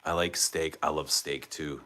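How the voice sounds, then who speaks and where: A man's voice: rumbling low, fairly even intonation, unhurried, bright, forceful tone. A man hosting a casual livestream, reading viewer comments aloud and chatting back with questions. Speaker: livestream host.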